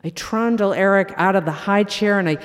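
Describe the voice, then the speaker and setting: A preacher giving a sermon and reading a story aloud in a slow, measured, reflective way. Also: mid-range voice. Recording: long hall reverb.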